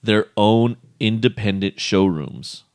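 A man co-hosting a podcast in casual chat, relaxed, laughing often and restarting his sentences. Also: lowish voice, slow pace, clean tone, no echo, studio quality. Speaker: podcast co-host.

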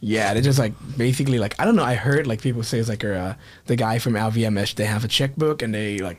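A man who owns a wine bar, chatting casually over wine, relaxed and halting, often trailing off and restarting. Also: lowish voice, a little hiss or hum. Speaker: wine bar owner, guest.

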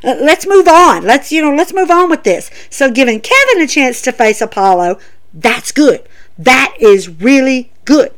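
Chatty woman doing a wrestling recap, high voice that swoops around a lot. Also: lively intonation, a little slow. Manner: chatty, emphatic, addresses viewers as guys. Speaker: wrestling show reviewer. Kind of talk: casual opinion vlog.

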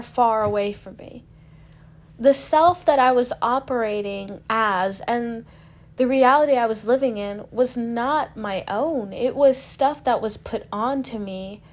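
A young woman telling her own story frankly, swearing often and filling her speech with "like". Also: high voice. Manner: frank, profane, lots of "like" fillers. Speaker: guest sharing a personal story. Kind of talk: candid personal storytelling.

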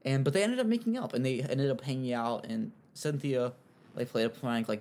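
A young man giving casual, rambling commentary on an online feud, with frequent fillers and animated asides. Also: mid-range voice, a little fast. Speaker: commentary host.

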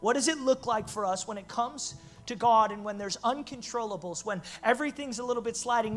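Animated pastor preaching a sermon. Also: male voice, very high-pitched, fairly quick, hardly any pauses, soft background music. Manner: animated, builds to loud emphatic peaks.

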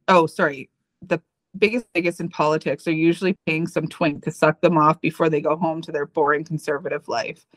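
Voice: mid-range voice, little pitch movement, fairly quick. A podcast co-host who reads a personal essay aloud and then chats casually, candid and profane, with rambling asides.

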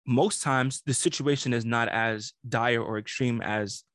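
A man with a mid-range voice talks through ideas on a casual podcast, relaxed and reflective, with some swearing. The recording is dry and close. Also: mid-range voice, unhurried, no echo. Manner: casual, profane, reflective, affirming. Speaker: podcast co-host.

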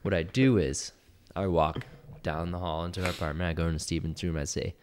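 A young man co-hosting a podcast, telling a story in a casual, animated way and acting out the voices of the people in it. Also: low-pitched, fairly quick. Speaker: podcast co-host.

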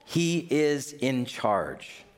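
A man preaching a sermon in a conversational, animated way, often rising to excited exclamations. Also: medium pitch, very slow. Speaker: pastor. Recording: long hall reverb.

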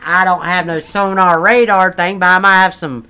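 A man voicing a crude, loud redneck churchgoer who rants and curses, with a put-on drawl. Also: sits high, steady tone, moderate pace, smooth, exaggerated voice. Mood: preachy ranting. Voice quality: brash, profane, rambling. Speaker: comedic character. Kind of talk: improvised comedy role-play.

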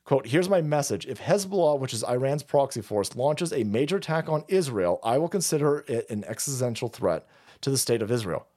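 A man's voice: medium pitch, expressive, a little fast, a little mellow. A middle-aged man streaming an angry, profane political rant.

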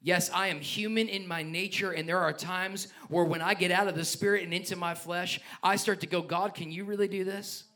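A man's voice: high voice, steady tone, brisk, hardly any pauses, sharp tone. A man preaching a sermon as pastor, reading scripture and joking with the congregation, with a passionate delivery. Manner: passionate, joking asides, reads scripture aloud.

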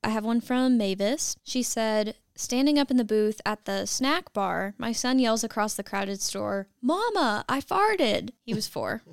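A woman's voice: medium pitch, a little slow, gravelly, hardly any pauses, clear, resonant tone, no room sound, studio quality. A woman co-hosting a casual podcast, reading listener stories aloud and laughing often. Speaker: podcast co-host.

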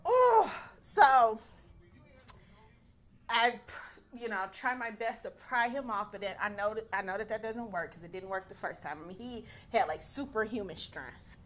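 A woman's voice: mid-range voice, moderate pace, a bit bright, slight background noise. A young adult woman casually telling a personal story, exasperated, swearing freely and laughing as she goes.

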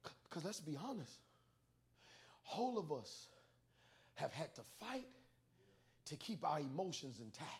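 A male pastor preaching a sermon with comic stories, animated, with stammering restarts that build into shouts. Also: on the high side, unhurried, pauses often, slightly rough.

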